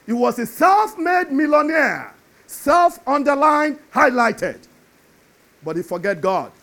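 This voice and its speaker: A man preaching a sermon, animated and building to emphatic shouts. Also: very high voice, takes it slowly.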